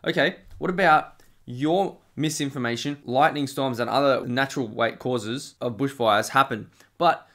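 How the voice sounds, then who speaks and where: A man's voice: mid-range voice, normal speed, a bit bright. A young man hosting his own channel, talking in a casual, combative way. He speaks with a mid-range voice, and his reactions lean sarcastic. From Australia. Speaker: political commentary YouTuber.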